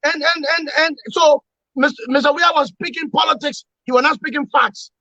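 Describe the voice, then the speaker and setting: Man, opposition commentator, emphatic, bright forceful voice, dry lo-fi sound. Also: very high-pitched, moderate pace, no room sound. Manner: emphatic, repetitive, lecturing. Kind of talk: political analysis in an interview.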